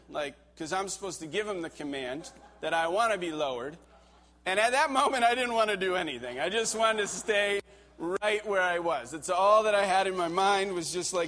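A middle-aged man preaching a sermon, telling a personal story in a conversational way and getting animated as he relives a tense moment. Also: sits high, moderate pace. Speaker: pastor.

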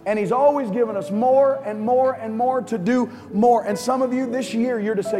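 A man preaching from a church stage, his voice sitting high for a man. He swings from urgent, near-shouted lines down to quiet, hushed ones. Long hall reverb trails each phrase, with music playing under him. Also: steady tone, brisk, hardly any pauses. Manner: impassioned preaching, rising to near shouts then dropping low. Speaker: pastor. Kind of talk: sermon. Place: large church auditorium.

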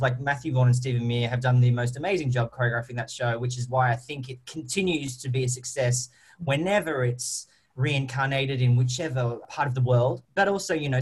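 An Australian stage actor, speaking at a medium pitch, answers interview questions in a cheerful, chatty manner full of ums and you-knows.

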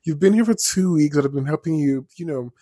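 A man voicing an over-excited woman superfan nurse who talks in a syrupy, sweetly menacing way. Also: medium pitch, brisk, husky, dry recording, studio quality. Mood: gushing.

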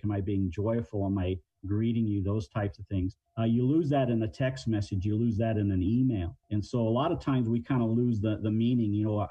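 A middle-aged man with a low, warm, dark voice explains communication plainly, using everyday examples. He talks like an interview guest who trains negotiators. The sound is muffled and lo-fi, as if over a remote line. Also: no room sound. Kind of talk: interview answers.

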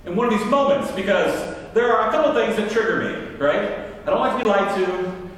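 Animated preacher in an echoing hall. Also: male voice, sits high, fairly quick. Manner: animated, acts out his own anger in quoted lines. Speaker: pastor. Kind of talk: storytelling sermon. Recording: roomy hall, mic at a distance.

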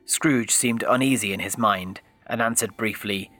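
A man reading a classic story aloud with expressive, lively narration. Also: lowish voice, moderate pace, few pauses.

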